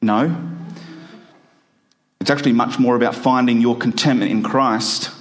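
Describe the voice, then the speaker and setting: A man preaching a sermon in a church, emphatic and stretching out his phrases slowly. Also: medium pitch, steady tone. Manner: emphatic, with slow drawn-out phrases.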